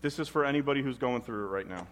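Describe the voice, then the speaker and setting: A man preaching a sermon as pastor at a church service, expressive and emphatic. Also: medium pitch, racing.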